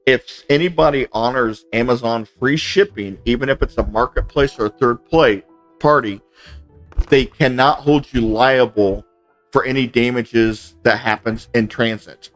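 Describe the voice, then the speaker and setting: Here a gaming channel host with a mid-range voice and no echo talks casually during play. He works through a long grievance, performing both sides of each quoted conversation.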